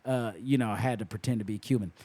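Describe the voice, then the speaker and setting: A man's voice: fairly low pitch, quick pace. A man co-hosting a film podcast, talking casually with lots of fillers and laughs. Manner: animated, laughs often, many fillers. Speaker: podcast co-host.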